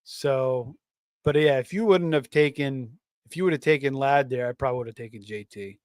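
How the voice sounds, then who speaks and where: A man's voice: medium pitch, normal speed, dry recording, studio quality. A man hosting a live fantasy football stream, talking casually with many fillers and restarts while reading out chat messages. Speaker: fantasy football livestream host.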